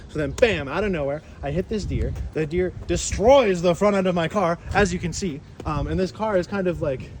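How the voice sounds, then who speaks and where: A man who drives for a rideshare service, telling a story in a casual vlog outdoors by a car, animated and full of fillers and restarts. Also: sits high, normal speed, hardly any pauses, a little hiss or hum.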